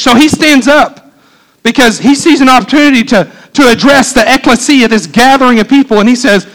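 Very high-voiced, fast-talking preacher man. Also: rough recording. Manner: fast, excitable preaching with many restarts. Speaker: pastor. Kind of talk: sermon.

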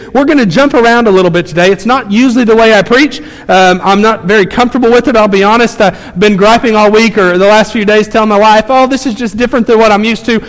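A male pastor preaching a sermon in a church, emphatic and conversational, telling stories to his congregation. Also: high voice. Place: church sanctuary. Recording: long church hall reverb.

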